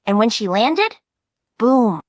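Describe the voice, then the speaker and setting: A woman's voice: on the high side, very animated, slow, dry recording. A woman voicing a nervous, sheepish male frog recounting a story. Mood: subdued.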